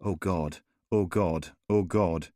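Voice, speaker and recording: A man's voice: deep voice, slow pace, darkish tone, no room sound, studio quality. A man voicing a frantic young woman on an emergency call, pleading and breathless. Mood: panicked.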